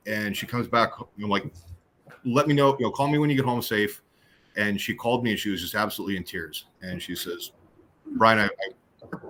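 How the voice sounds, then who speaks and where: Bright-voiced man telling stories. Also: fairly low pitch, slight background noise. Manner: animated, jokey, many restarts. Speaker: guest on hypnosis show. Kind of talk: casual storytelling.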